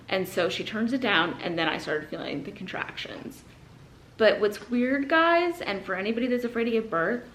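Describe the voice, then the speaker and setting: A young woman vlogger casually telling a story to camera, acting out what others said and using "like" a lot. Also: mid-range voice. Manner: animated, acts out quoted voices, frequent "like". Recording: roomy echo.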